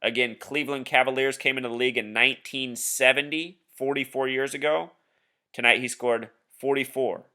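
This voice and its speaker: A video blogger speaks at normal speed with a medium-pitched, sharp voice and fairly even intonation. Over a screen share, he casually but insistently explains his theories, conspiratorially addressing the viewer as "Truth Seeker."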